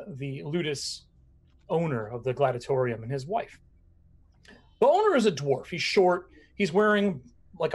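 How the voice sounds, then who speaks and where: A man narrating as game master of a tabletop game, animated and laughing often. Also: a little high.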